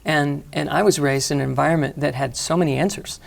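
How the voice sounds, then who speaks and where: A middle-aged woman, a healing teacher, calmly guiding a breathing exercise and talking about her work in an interview. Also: deep voice, creaky, background noise. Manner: calm, slow guiding cues. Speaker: energy healing teacher, guest. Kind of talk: guided breathing instruction and interview.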